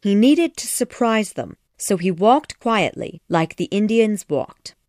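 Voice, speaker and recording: A woman narrating a children's classic audiobook in a measured, expressive storytelling manner. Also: medium pitch, dry recording, clean studio sound.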